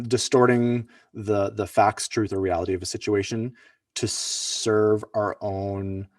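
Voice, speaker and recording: A man's voice: lowish voice, no echo, clean studio sound, distant mic. A man presenting at an online workshop, talking loosely with many fillers and restarts. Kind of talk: casual online teaching talk.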